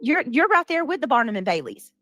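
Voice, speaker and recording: A woman's voice: sits high, big pitch swings, fairly quick, a bit bright, no echo, faint music behind. A woman hosting a casual livestream, chatting and thanking her viewers by name. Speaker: livestream host.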